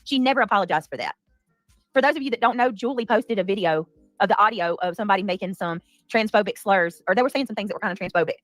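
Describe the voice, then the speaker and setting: A woman hosting a heated livestream, talking fast and defensively with many restarts. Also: medium pitch, fairly bright tone, no room sound, faint music behind. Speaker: livestream commentary host. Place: home.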